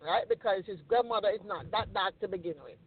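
A speaker from Jamaica with a Jamaican accent, telling stories in an animated way with frequent restarts. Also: medium pitch, fairly quick. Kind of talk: casual podcast conversation. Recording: tinny phone-line recording, dry.

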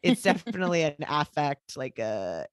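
A woman's voice: deep voice, sing-song, normal speed, no echo, studio quality. A woman co-hosting a podcast in casual chat, laughing often and rambling through her thoughts. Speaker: podcast co-host.

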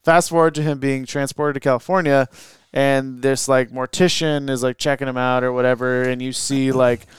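A man's voice: mid-range voice, little pitch movement, normal speed, clean tone, dry recording. A man co-hosting a podcast, recapping a movie in casual chat, laid-back and full of "like". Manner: laid-back, filler-heavy storytelling. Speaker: podcast co-host. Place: garage.

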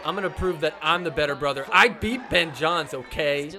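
A man's voice: on the high side, normal speed, crowd noise, close to an everyday voice. A man voicing a cocky young male athlete who brags defiantly. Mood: boastful. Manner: boastful, defiant.

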